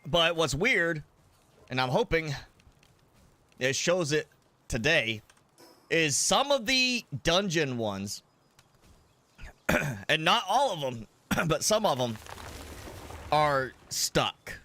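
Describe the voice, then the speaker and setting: A man's voice: a little high, big pitch swings, slow pace, pauses often, pushed and bright, no room sound. A man streaming a game live, chatting loosely while eating spicy food and coughing now and then. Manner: rambling, eating while talking. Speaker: gaming streamer. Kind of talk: casual live-stream chat.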